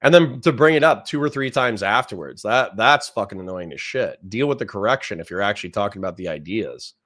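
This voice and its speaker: A man's voice: fairly low pitch, animated, fairly quick, a bit bright. A young man streaming, reading out chat and reacting with blunt, profane commentary that repeats phrases for effect. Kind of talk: casual livestream commentary.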